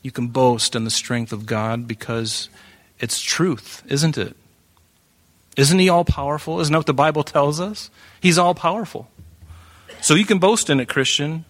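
A man preaching a sermon in an animated way, breaking into joking asides and acting out the voices of the people in his story. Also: a little high, measured pace. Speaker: pastor.

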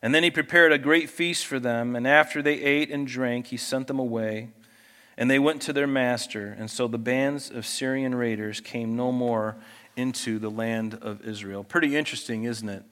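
A man preaching a sermon as a pastor, talking in a conversational way that turns animated when he acts out quoted speech. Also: mid-range voice, moderate pace, smooth, big-room sound.

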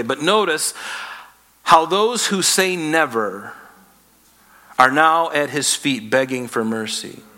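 A man preaching a sermon, retelling Bible stories in lively, casual speech and briefly acting out the characters. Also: medium pitch. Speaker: pastor.

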